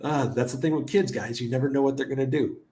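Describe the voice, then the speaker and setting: A man's voice: medium pitch, fairly even intonation, fast, warm tone, roomy sound. A middle-aged man hosting a casual livestream chat who laughs often and greets viewers by name. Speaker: livestream host.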